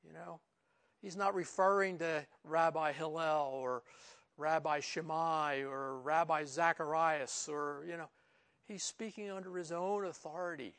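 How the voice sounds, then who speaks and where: A man gives a relaxed, verse-by-verse Bible teaching in a voice that sits a little higher than most men's. He talks informally, often saying "you know," and gets louder and higher when he stresses a point. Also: unhurried, smooth. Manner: rises in pitch and volume for emphasis. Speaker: pastor.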